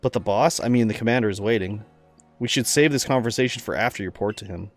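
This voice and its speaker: A man's voice: lowish voice, fast talker, soft background music. A man streaming a game in casual chat, rambling through stories, laughing often and reading game lines aloud.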